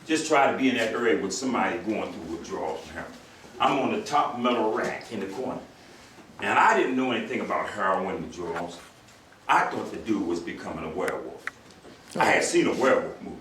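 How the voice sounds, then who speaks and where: Older male speaker, lively storyteller who acts out voices, recorded from afar in a roomy hall. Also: on the low side, a little fast, recorded from a distance, slight background noise. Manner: animated storyteller, acts out voices, laughs with the crowd. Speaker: retired U.S. marshal, speaker. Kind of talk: storytelling speech to an audience.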